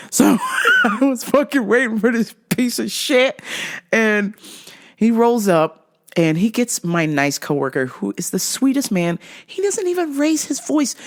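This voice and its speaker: A woman's voice: on the high side, unhurried. A woman hosting a comedy show, telling a story with lots of profanity and acting out the dialogue. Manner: profane, animated, acts out dialogue. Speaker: host.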